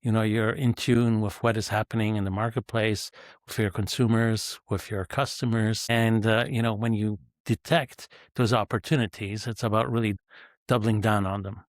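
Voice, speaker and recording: Measured retired executive, dry close sound. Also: male voice, on the low side, flat delivery, no echo. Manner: measured, reflective, with frequent fillers. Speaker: podcast guest, retired executive. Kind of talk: conversational interview answers.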